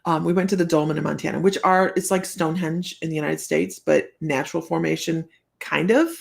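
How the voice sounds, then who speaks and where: She talks a little fast in a low-pitched voice with fairly even intonation and vocal fry. A psychic reader hosting a casual live stream, she tells rambling, chatty stories, laughs often, and uses many fillers.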